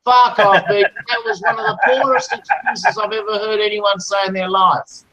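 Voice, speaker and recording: A man's voice: sits high, fairly even intonation, moderate pace, bright, forceful tone, low-quality recording. A man berating another user in a heated online voice chat, swearing constantly and repeating the other man's name. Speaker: voice chat room participant.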